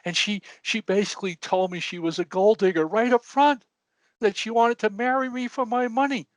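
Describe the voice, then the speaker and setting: A man voicing a weepy, forgetful elderly man in a told joke, in a high quavering whine. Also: fairly even intonation, moderate pace, no echo, lightly acted. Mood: woeful whine.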